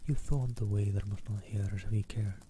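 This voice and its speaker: Man reading silly chattering teenage girl, soft hushed delivery, low dark tone, audiobook. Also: fairly even intonation, normal speed, a little hiss or hum, natural voice. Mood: gossipy.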